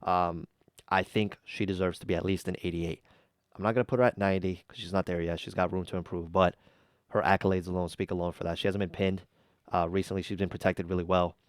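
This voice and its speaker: Man, deep voice, clean and dry sound, casual reaction host, opinionated and rambling. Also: flat delivery, quick pace, no echo. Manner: blunt, chatty, many ums and uhs.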